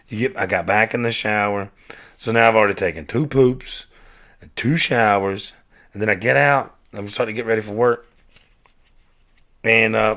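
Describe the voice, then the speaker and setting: A man's voice: medium pitch, fairly bright tone. A man rambling casually through a monologue, cursing and restarting his sentences. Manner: rambling, repeats and restarts, cursing, addresses listeners as y'all. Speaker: podcast host. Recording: dull lo-fi recording.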